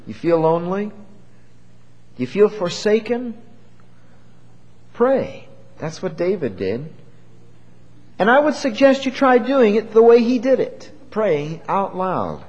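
A man preaching a sermon in an earnest, measured way, asking his listeners questions. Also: high voice, sing-song, darkish tone, highs cut off. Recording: long hall reverb.

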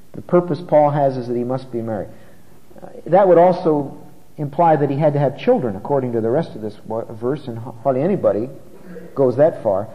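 Male preacher, slightly high voice, teaches through scripture with emphatic slow stresses; dull recording in a big echoing hall. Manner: emphatic, slows down to stress key words. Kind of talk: expository sermon. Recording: muffled recording with long hall reverb.

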